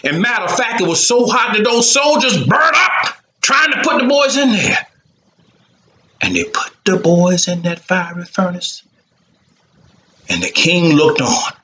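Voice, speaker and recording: Brief: lively man storyteller, bright, forceful voice, roomy echo. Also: high voice, unhurried. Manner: theatrical, rhythmic, lively. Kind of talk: animated Bible storytelling for children.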